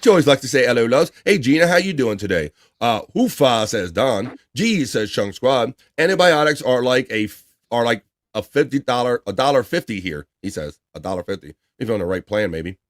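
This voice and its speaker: A man hosts a casual livestream, reading viewer messages aloud in a loose, chatty way. His mid-range voice is animated and a little fast, with clean studio sound and no room sound.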